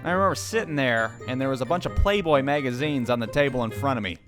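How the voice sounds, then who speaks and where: A man's voice: mid-range voice, fast, music in the background. A man narrating a comic childhood story in a profane, exasperated and sarcastic way. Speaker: animated storyteller.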